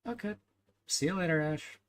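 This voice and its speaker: In a slightly high voice at a moderate pace, a young man chats with viewers on his stream, responding to live chat. His talk meanders, dotted with fillers, brief laughs and small verbal tics.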